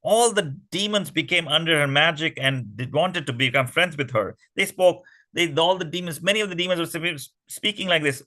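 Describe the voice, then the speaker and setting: Bright, lively male storyteller for kids. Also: a little high, moderate pace, hardly any pauses, poor audio. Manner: animated, questions the kids often. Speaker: children's class teacher. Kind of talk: storytelling to children.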